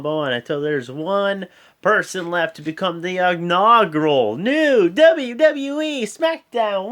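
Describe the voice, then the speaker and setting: A young man hosting an excitable live reaction show, rambling with many fillers and restarts. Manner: excitable, jumps high when emphasizing. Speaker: host.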